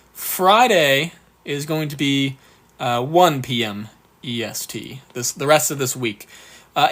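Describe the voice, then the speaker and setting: A man's voice: high voice, a bit bright. A man teaching on a live stream, going through exam questions one by one and cheerfully thanking viewers, with a bout of hiccups. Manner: upbeat, reads questions slowly, thanks viewers often. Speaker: exam prep tutor.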